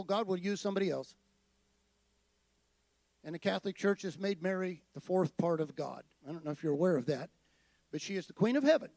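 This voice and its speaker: A man preaching with a high, gravelly voice, talking to his congregation and then pressing his points hard. The sound is dry and close, with no room echo. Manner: conversational preaching, rising to emphatic declarations. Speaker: pastor. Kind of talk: sermon.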